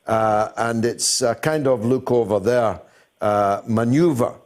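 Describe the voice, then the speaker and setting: A man of middle pitch hosts a call-in radio show. He moves briskly from caller to caller and fills his pauses with "uh". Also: darkish tone. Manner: brisk, takes calls, says uh often. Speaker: talk show host. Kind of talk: phone-in talk show.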